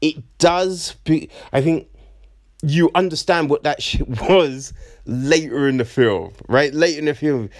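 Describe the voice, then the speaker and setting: A man's voice: a little high, a little slow. A man casually talking through a film, chatty and often tagging his points with "right?". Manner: chatty, keeps asking "right?", slips into mocking voices. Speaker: film reviewer.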